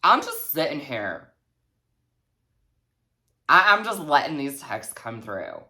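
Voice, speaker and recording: A woman's voice: sits low, sing-song, slow, sharp tone. A woman telling a storytime vlog in a snarky, heavily profane way. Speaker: vlogger.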